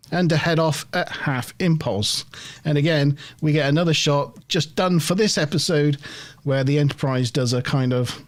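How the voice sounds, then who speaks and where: A man hosting a review podcast, casually recapping an episode scene by scene with a chatty, lightly laughing manner. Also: mid-range voice. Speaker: podcast host.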